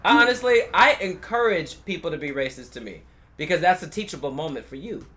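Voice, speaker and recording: A man's voice: a little high, a little fast. A young man from California, telling stories in casual conversation, swearing freely and acting out the people he quotes. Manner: profane, animated storyteller who acts out quoted people.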